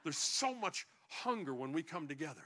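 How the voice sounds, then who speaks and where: A man's voice: on the high side, big pitch swings, moderate pace, pushed and bright. A male pastor preaching a sermon to his congregation, joking between points and often restarting his sentences.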